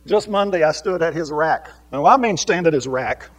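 A man teaching a Bible lesson in sermon style, swinging between raised, emphatic preaching and quiet asides, with many rhetorical questions to his listeners. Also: a little high, lively intonation, normal speed, poor audio.

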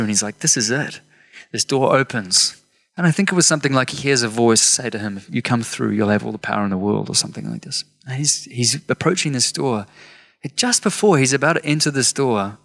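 A pastor with a medium-pitched, slightly bright voice delivers a storytelling sermon built on personal anecdotes. He acts out the voices of the people he quotes and throws in self-mocking asides.

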